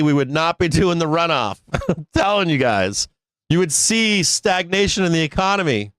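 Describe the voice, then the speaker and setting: A man's voice: high-pitched, a bit bright, smooth, no room sound. A man hosting a live stock market show, ranting bluntly with swearing, laughs and restarts. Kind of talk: casual live-stream rant.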